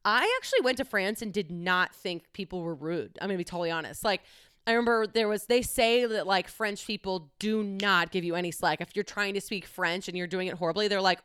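A woman's voice: medium pitch, a little fast, a bit bright, clear, resonant tone, dry recording, clean studio sound. A young woman talking candidly on her own, chatty and casual, with frequent swearing. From United States. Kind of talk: casual solo monologue.

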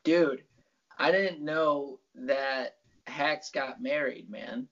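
A man's voice: mid-range voice, extremely slow, fairly bright tone, muffled recording. A man co-hosting a casual podcast over a video call, rambling and joking with his friend with plenty of swearing. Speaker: podcast co-host. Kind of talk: casual banter.

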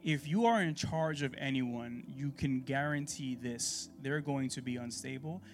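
Faint music plays behind a man leading a church Bible class. Speaking at a measured pace in a mid-range voice, he keeps it animated and conversational, preaching casually and posing plenty of rhetorical questions.

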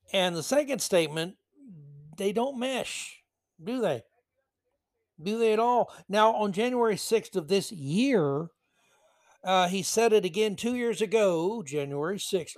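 A male podcast host with a fairly high voice offers political commentary, reading passages aloud and repeatedly interrupting with sarcastic, mocking remarks. The audio is dry and close, with no room echo.

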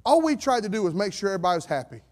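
A man preaching a sermon as pastor, fervent, swinging between fired-up shouts and hushed asides. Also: high voice, big pitch swings, very fast. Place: church sanctuary.

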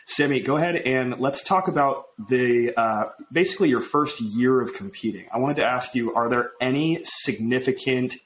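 A young man hosting a podcast and coaching his guest, relaxed and affirming, with frequent "um" and "yeah". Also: mid-range voice, slight background noise, poor audio. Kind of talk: casual interview chat.

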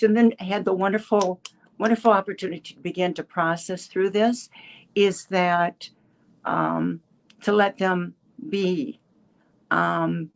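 A woman in her seventies giving a halting personal testimony with many restarts, a little emotional. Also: fairly low pitch. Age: 70s. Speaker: caller sharing a testimonial.

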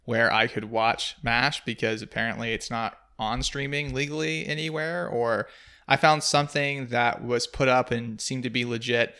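Bright, clear-voiced man hosting a podcast. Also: medium pitch, little pitch movement, moderate pace. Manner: thoughtful, analytical, asks leading questions. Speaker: podcast host. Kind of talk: casual film discussion.

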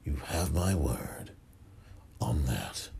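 A man putting on the voice of an older male politician making a sly backroom promise, speaking low and half-whispered. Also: expressive, drawn-out words, creaky, mellow, slight background noise, heavily acted. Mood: conspiratorial.

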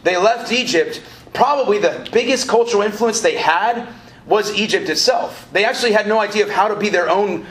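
With a high, fairly bright voice and a fairly quick delivery, a man preaches live to college students. He directs the college ministry, speaks casually, cracks jokes, and encourages call-and-response. The recording has the roomy sound of a campus hall with faint ambient noise.

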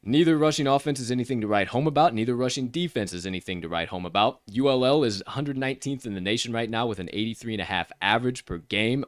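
Brash, hyped-up sports betting host. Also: male voice, dry recording. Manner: hype-filled, swearing, big swings in pitch and volume. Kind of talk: casual sports betting podcast talk.

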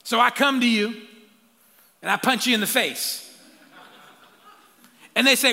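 Animated, high-pitched preaching man. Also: unhurried, long pauses. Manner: animated preaching with call-outs and playful asides. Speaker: pastor. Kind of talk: sermon. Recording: long hall reverb.

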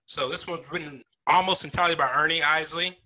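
A man's voice: on the high side, a little fast, low-quality recording. A man in his forties co-hosting a music podcast, casually giving background on songs. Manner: relaxed, explains song background. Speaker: podcast co-host.

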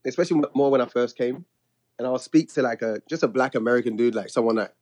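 A man's voice: medium pitch, quick pace, no room sound. Easygoing guy chatting, mid voice, laughs lots. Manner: relaxed, laughs often, loose conversational. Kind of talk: casual chat.

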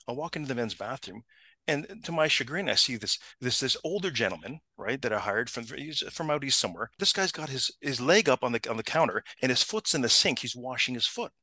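A middle-aged man casually telling a long funny story, animated and laughing, acting out the people in it. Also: mid-range voice, brisk, no echo. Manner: animated, laughing, acts out the people in his stories.

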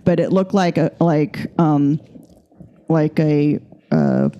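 Brief: low-pitched woman host, slow and halting, lots of fillers. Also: huge pitch swings, warm tone, dull audio. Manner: hesitant, full of fillers. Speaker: podcast host. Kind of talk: casual chat.

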